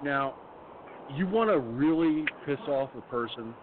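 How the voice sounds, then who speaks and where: A man rants through a story, cursing freely and talking in a blunt, angry way. His voice sits at an everyday middle pitch. It comes through a narrow, phone-like line with a faint hiss underneath. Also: animated, measured pace. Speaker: radio show host. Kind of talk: ranting personal storytelling.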